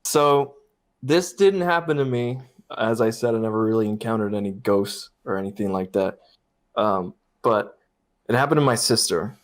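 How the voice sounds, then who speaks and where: A man's voice: fairly low pitch, normal speed. Laughing man telling a ghost story. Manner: laughing, swearing, acts out quotes in storytelling. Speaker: podcast co-host. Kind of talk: casual storytelling.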